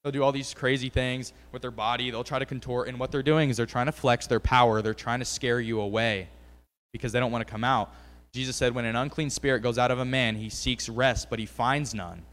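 A man's voice: medium pitch, fairly even intonation, a little fast, a bit bright, in a large hall. A man giving a casual, rambling testimony about faith and preaching, full of fillers and restarts. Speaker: lay preacher.

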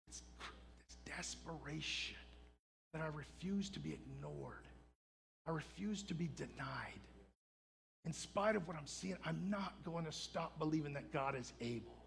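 A man preaching a sermon with fervor, calling out to the congregation and building to shouts. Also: on the high side, very animated, normal speed, vocal fry, long pauses, long reverb tail, slight background noise. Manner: fervent preaching, calls out to the congregation, climbs to shouts. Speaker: pastor.

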